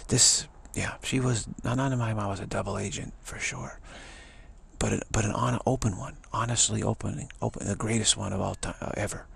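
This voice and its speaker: A man giving a rambling spiritual talk, telling a story in halting phrases with many restarts. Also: fairly low pitch, steady tone, creaky, fairly bright tone, slightly rough. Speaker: spiritual teacher.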